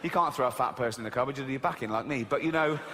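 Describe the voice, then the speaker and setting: A man's voice: mid-range voice, very fast, bright, forceful tone, slight background noise. A man doing a stand-up routine on a live stage, ranting animatedly and mimicking silly voices, with the audience laughing. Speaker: stand-up comedian. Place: live stage in a large venue. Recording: live hall reverb.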